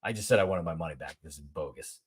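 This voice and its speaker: A man in his forties, a podcast host, telling a story in a casual monologue, animated and repeating himself as he acts out both sides of a conversation. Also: a bass voice, quick pace, breathy edge.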